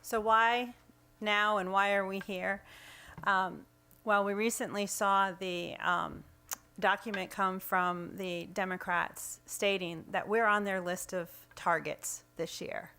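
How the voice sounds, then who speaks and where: A woman speaking for a coalition at a press conference, measured and deliberate at a podium microphone. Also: mid-range voice, fairly even intonation, pushed and bright, slight background noise. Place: indoor room at a state capitol.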